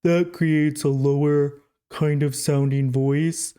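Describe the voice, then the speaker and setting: A man, a speech-language pathologist, demonstrating a relaxed, low-larynx voice technique with no tension or force. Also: slow pace, smooth.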